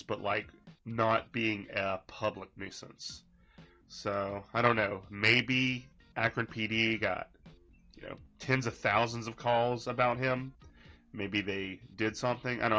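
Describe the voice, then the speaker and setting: A man's voice: on the low side, bright, forceful tone. A man giving casual, rambling reaction commentary, mocking the person in the clip. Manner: rambling, mocking, laughs at his subject.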